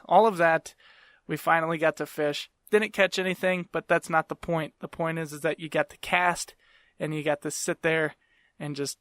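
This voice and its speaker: Brief: young man, slightly high voice, swearing casual storyteller, dry close mic. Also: fairly bright tone, no room sound. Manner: profane, rambling, self-mocking. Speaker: podcast host.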